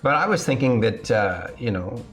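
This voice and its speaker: Man putting on an excited, chatty arena gambler. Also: mid-range voice, moderate pace, faint music behind, close to an everyday voice. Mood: cheerful. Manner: eager, chatty, thrilled. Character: excitable male arena patron, cheerful gambler.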